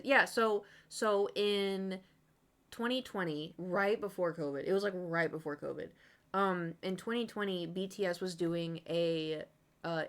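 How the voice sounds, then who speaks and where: A woman's voice: lowish voice, a bit bright. Chatty young woman streamer telling stories. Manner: chatty storytelling, acts out quoted voices, swears and laughs. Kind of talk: casual chat on a live stream.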